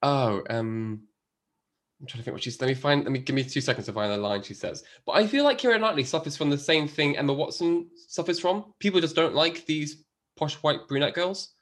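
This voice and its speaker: A man's voice: on the high side, animated, brisk, a bit bright. A man hosting a podcast in casual chat, chatty and laughing often. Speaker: podcast host.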